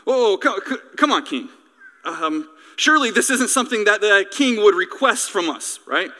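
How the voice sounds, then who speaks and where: A man's voice: high-pitched, lively intonation, normal speed, sharp tone, in a large hall. A man acting out nervous royal advisers who stammer and plead with a king.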